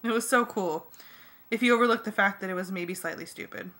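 A woman reading a fan audiobook in the first person, lively and jokey. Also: mid-range voice, brisk. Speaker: audiobook reader.

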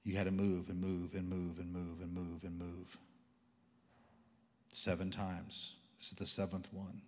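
A male preacher delivering a sermon in a church hall, his voice trailing off in long reverb. He swings from loud, excited exclamations down to hushed, near-whispered lines. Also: low voice, unhurried. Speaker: guest preacher.

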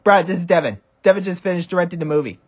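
Brief: husky high-voiced man doing a goofy cartoon fan dub, dull lo-fi sound. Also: rapid-fire. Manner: goofy, playful voice switching. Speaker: fan dubber.

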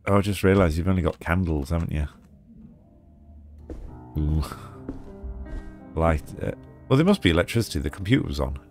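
A deep-voiced man gives casual let's play commentary with self-mocking asides. Faint game music sits behind his voice. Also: expressive, normal speed, long pauses, darkish tone. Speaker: gamer.

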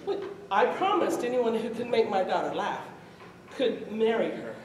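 A woman storyteller voicing a kindly older baron, a fond father who keeps his word, speaking soft and low in an echoey hall. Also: very animated, normal speed, far from the mic, a little hiss or hum, close to an everyday voice.

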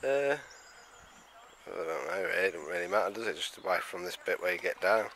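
A man with a gravelly, bright voice makes easygoing remarks outdoors. His pitch moves a lot, and faint outdoor noise sits behind him. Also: lively intonation, fairly quick. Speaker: fishing companion. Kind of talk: casual outdoor chat. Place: riverbank outdoors.

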